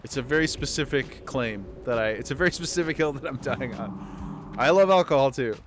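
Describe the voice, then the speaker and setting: A man livestreaming a game, chatting casually with his viewers in a rambling way and often restarting his sentences. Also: mid-range voice. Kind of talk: casual chat with viewers while gaming.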